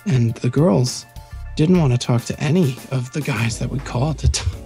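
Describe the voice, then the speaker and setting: A man co-hosting a podcast, telling a rambling, animated workplace story in casual chat. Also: mid-range voice, moderate pace, soft background music. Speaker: podcast co-host.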